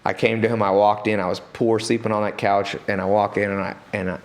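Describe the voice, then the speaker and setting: A man talking as an interview guest in a studio, telling stories in an animated way and acting out the people he quotes. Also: on the low side, fairly quick, a little hiss or hum. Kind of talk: storytelling interview talk.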